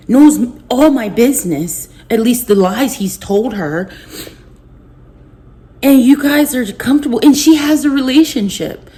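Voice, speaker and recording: A woman vlogging to her viewers, emotionally exhausted and close to tears, her talk halting and often dropping to a near whisper. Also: medium pitch, mellow. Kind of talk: emotional personal vlog.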